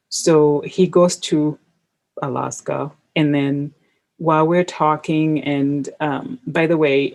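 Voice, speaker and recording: A woman's voice: low-pitched, darkish tone. A woman hosting a podcast, chatting casually and telling a personal story with plenty of fillers. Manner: chatty, anecdotal, with frequent fillers. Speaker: podcast host.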